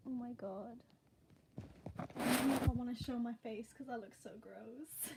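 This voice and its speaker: A woman's voice: a little high, moderate pace, vocal fry, heavy background noise. A young woman on a casual livestream, distraught and rambling, with nervous laughter and lots of fillers, talking from her phone. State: emotionally distraught.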